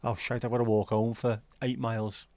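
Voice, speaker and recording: A man's voice: mid-range voice, level tone, brisk, a little mellow, dry recording. A middle-aged man with a South Liverpool Scouse accent, chatting casually on a livestream and telling rambling, sweary stories. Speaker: livestream host.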